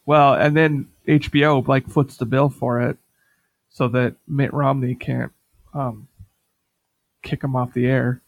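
A man's voice: mid-range voice, flat delivery, a little slow, vocal fry, pauses often, no room sound. A man co-hosting a podcast in casual chat, telling rambling stories full of "like" fillers. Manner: rambling storyteller, many "like" fillers. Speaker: podcast co-host.

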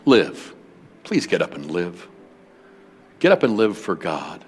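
A man preaching a sermon as pastor in a large church building, switching between loud bursts and hushed words. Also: deep voice, very animated, slow, soft background music. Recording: long hall reverb.

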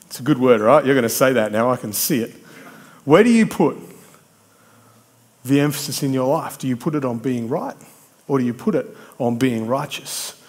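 A man's voice: mid-range voice, animated, moderate pace, pauses often, darkish tone. A man preaching a sermon, conversational and emphatic, building points through repetition and bantering with people in the congregation.

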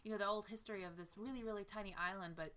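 A woman's voice: medium pitch, fairly even intonation, very fast, fairly bright tone. A woman from the American South, a touring performer, chatting eagerly as a guest with lots of restarts. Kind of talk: casual conversation.

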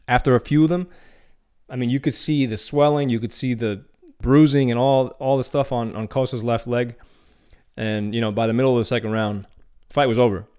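A man's voice: mid-range voice, darkish tone, clean tone. A man hosting his own podcast, talking through fight news in a casual, opinionated way. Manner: casual, opinionated, some restarts. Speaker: podcast host. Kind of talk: solo MMA news commentary.

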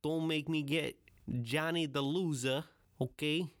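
A man's voice: on the high side, steady tone, measured pace, no room sound, studio quality, voice pushed up. A man putting on the voice of a hot-tempered Italian-American tough guy who curses and threatens. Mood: menacing. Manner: profane, menacing, pushy.

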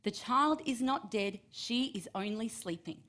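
A woman voicing Jesus as a calm, gentle grown man who speaks softly and reassuringly. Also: on the high side, measured pace. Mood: brisk.

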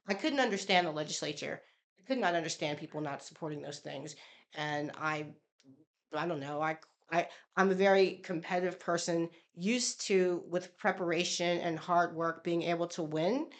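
A woman's voice: lowish voice, moderate pace. A woman state senator being interviewed, speaking earnestly and emphatically about her time as a lawmaker. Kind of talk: conversational interview.

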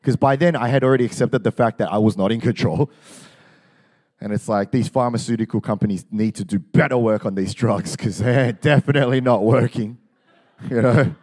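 A middle-aged Australian man preaching a sermon, telling stories in a joking, animated way. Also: medium pitch, normal speed. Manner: animated, joking storytelling with laughs. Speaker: pastor.

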